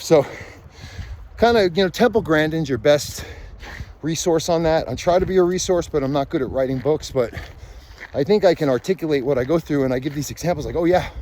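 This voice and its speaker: Dog trainer vlogging outdoors; slightly high male voice, loose and rambling, thinks out loud, handheld camera. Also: slight background noise. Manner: rambling, thinking aloud with many fillers and restarts. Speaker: dog trainer and podcast host. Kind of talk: casual rambling talk while walking outdoors. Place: forest trail outdoors. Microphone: handheld camera, selfie framing.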